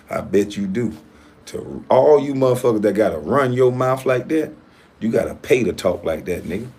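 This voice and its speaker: A man hosting his own online show, ranting in a heated, profane and combative way, swinging between loud outbursts and low muttering. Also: expressive, moderate pace, husky. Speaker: YouTube show host.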